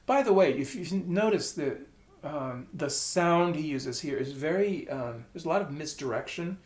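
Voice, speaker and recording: A man's voice: on the high side, expressive, moderate pace, darkish tone. A man giving a casual piano lesson, thinking aloud and stopping to sing notes and syllables. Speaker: piano teacher. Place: room with a piano. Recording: roomy room with piano playing.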